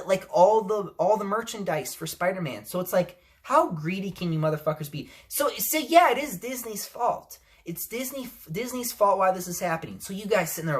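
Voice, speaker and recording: A man ranting heatedly to his viewers in a profane, scolding commentary vlog. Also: high voice. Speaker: vlogger.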